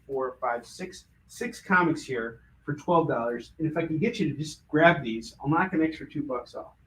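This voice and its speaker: A man running a live comic book sale, full of puns and jokey sales patter. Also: on the high side.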